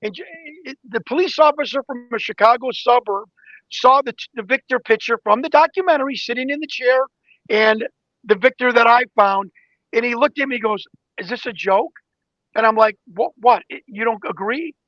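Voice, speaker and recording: High-voiced excitable man, dull audio. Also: a little fast, no echo. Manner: excited storyteller, acts out quoted exchanges. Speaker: guest investigator. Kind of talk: animated interview talk.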